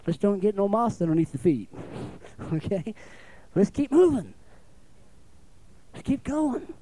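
A man's voice: sits high, big pitch swings, unhurried, warm tone, poor audio. A man preaching a sermon in a folksy way, often calling out for an amen. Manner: folksy, calls for amens, acts out little dialogues.

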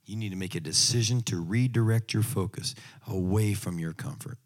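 A man preaching a sermon, emphatic, moving from loud exhortation to quiet asides and humorous personal stories. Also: on the low side, normal speed.

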